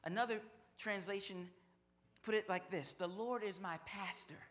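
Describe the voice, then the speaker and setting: A man preaching a sermon, slow and measured, building on repeated phrases. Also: sits high, a bit bright. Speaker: pastor.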